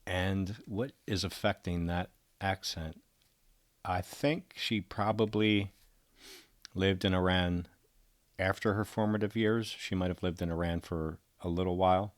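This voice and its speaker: Low-voiced man musing aloud. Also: fairly even intonation, a little slow, dry recording. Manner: musing, tentative, self-correcting. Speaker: commentator. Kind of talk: thinking-aloud video commentary.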